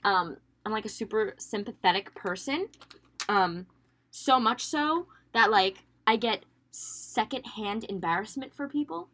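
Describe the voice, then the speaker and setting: A woman's voice: medium pitch, lively intonation, measured pace, a bit bright. A woman co-hosting a casual podcast chat, teasing and chatty, often saying "like". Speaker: podcast co-host.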